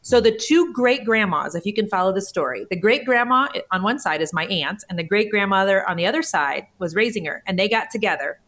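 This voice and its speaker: A woman's voice: mid-range voice, expressive, a little fast, hardly any pauses, fairly bright tone. Emotional woman in her forties telling a story. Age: 40s. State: tearful. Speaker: guest author. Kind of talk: podcast interview.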